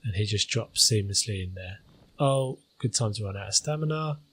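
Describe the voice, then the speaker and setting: A man's voice: on the low side, lively intonation, moderate pace, a bit bright, breathy edge. A man hosting a gaming channel, talking through his gameplay in a casual, hesitant way with many fillers.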